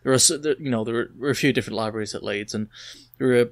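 A young man with an ordinary mid-range voice joins in relaxed podcast chat. He stumbles and repeats words as he feels his way into a point, keeping things loose and conversational. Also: medium pitch, very fast. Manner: hesitant, chatty, with stammered restarts. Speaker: podcast co-host. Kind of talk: casual chat.

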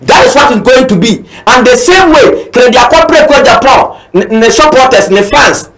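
A Ghanaian man with a high voice talks politics in a fervent, repetitive way, switching between Twi and English. He drives each point home again and again. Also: expressive, moderate pace, a bit bright, rough recording. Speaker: political commentator. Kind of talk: impassioned political talk.

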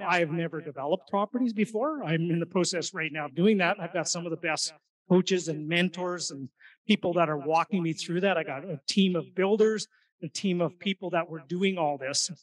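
A man giving an energetic, conversational seminar talk on investing, often putting questions to the audience. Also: a little high, far from the mic, rough recording. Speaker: real estate investing presenter. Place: meeting room at an investor event.

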